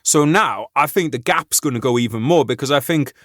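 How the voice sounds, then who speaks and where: Brief: male veteran podcast host, mid pitch, dry close sound, loose sweary laughing banter. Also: a little fast, a bit bright, dry recording. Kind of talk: casual chat.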